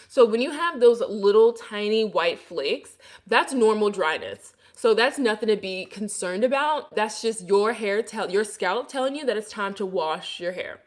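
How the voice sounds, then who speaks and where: A woman with a Brooklyn New York accent chats casually, giving hair care tips as she reads out viewer comments. Her voice sits at an ordinary middle pitch. The sound carries a noticeable room echo. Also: lively intonation, unhurried, hardly any pauses. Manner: chatty, answers viewer comments with advice. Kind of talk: casual livestream chat with viewers.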